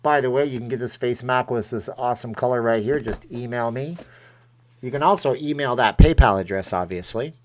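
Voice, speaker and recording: A man's voice: medium pitch, a little fast, darkish tone. A man hosting a casual live stream from home, reading viewer comments aloud and answering them in a chatty, self-deprecating way.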